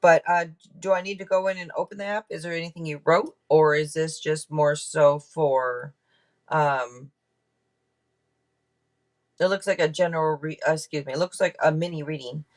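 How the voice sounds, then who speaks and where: A woman's voice: low voice, fairly even intonation, normal speed. A woman hosting a tarot live stream, talking casually with viewers, thanking donors and restarting her sentences as she goes. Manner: chatty, thanks donors and checks in with chat, trails off and restarts. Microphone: camera mic.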